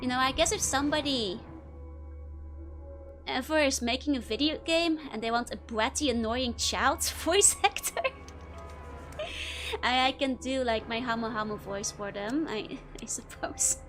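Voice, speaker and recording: A woman's voice: sits high, moderate pace, long pauses, fairly bright tone, soft background music. A young woman VTuber, chatting casually with viewers while playing a game, giggling often. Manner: giggly, answers chat questions, frequent laughter. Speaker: VTuber streamer. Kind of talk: casual gameplay chat with chat.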